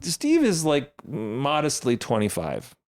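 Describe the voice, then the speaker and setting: A male podcast co-host in easy, casual conversation. His pitch swings widely as he gets animated, and he laughs often, restarting sentences on the fly. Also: slow. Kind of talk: casual chat.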